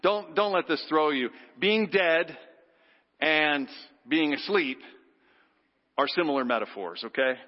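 A man preaching a sermon, animated, leading the congregation in call-and-response. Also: on the high side, measured pace, pauses often. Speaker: pastor. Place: church sanctuary. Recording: dull sound with long hall reverb.

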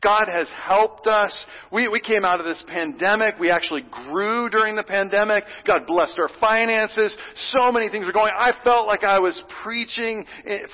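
A male pastor preaches in a high, earnest voice, rising into loud pleading and dropping to hushed whispers. The sound is dull and lo-fi, with a long reverb from a large sanctuary. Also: moderate pace, few pauses. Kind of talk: sermon.

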